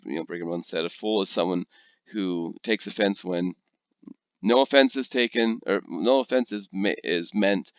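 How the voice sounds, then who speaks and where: Animated gravelly male lecturer. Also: fairly low pitch, no echo. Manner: animated storyteller, checks in with "okay?". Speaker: teacher. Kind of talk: recorded lecture with personal stories. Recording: dull lo-fi dry recording.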